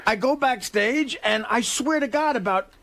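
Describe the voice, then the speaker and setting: A man's voice: extremely high pitch, moderate pace, fairly bright tone, slight background noise. A male comedian telling a backstage story on a radio show, chuckling as he goes. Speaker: comedian guest. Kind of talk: casual storytelling.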